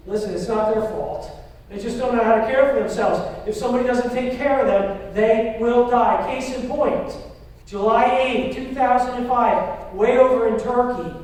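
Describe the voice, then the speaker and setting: A woman giving a lively parenting talk to a live audience, often asking the crowd questions. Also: mid-range voice, slight background noise. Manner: engaging, asks the audience questions. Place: large echoey hall. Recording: echoey hall recorded from far off.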